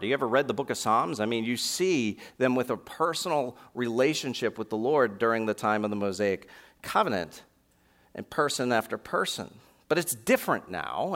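A man pastor preaching a sermon, reading scripture aloud and slowing down to stress key lines. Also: mid-range voice, fairly bright tone. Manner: preaching with dramatic slow emphasis on scripture lines. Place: warm church sanctuary.

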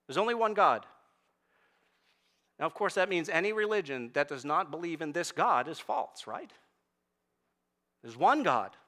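A man's voice: a little high, very animated, measured pace, pauses often, bright, forceful tone. A male pastor preaching a sermon, building to emphatic peaks as he reads and explains scripture.

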